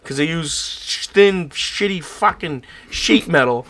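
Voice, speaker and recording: Animated, swearing man telling stories. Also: on the high side, takes it slowly. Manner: rambling, heavy swearing, lots of fillers; animated storytelling. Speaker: podcast co-host. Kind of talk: casual chat.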